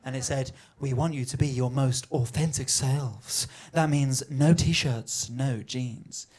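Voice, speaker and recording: A man's voice: medium pitch, fairly even intonation, slow pace, darkish tone. A young man performing a stand-up comedy set, telling a story and acting out the voices of the people in it. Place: comedy venue on stage.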